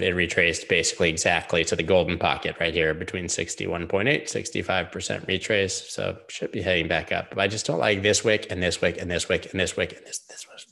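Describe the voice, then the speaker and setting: Male streamer host, deep voice, casual chart talk, jokey and rambling. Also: gravelly, a bit bright. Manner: joking, rambling, quick asides.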